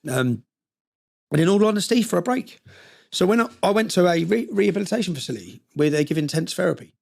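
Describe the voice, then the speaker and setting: A man's voice: sits high, lively intonation, quick pace, vocal fry, darkish tone. A man telling a story intensely in an interview, often checking in with "yeah?" and acting out what others said. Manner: recounting with quoted dialogue. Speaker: interview guest.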